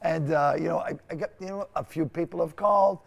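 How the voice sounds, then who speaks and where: Gravelly Boston man in his sixties, fast. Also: fairly high pitch. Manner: animated, loud storyteller. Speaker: comedian guest. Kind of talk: casual chat. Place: TV studio.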